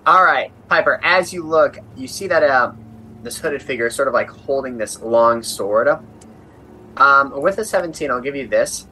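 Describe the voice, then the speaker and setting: Bright-voiced man running a tabletop game. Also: mid-range voice, animated, slight background noise, low-quality recording. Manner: halting narration with many fillers. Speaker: game master.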